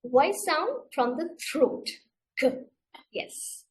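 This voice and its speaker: A woman's voice: high-pitched, lively intonation, slow pace. A middle-aged woman with an Indian English accent leading an online teaching webinar, patiently demonstrating sounds and repeating each step. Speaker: teacher trainer. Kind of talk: webinar instruction.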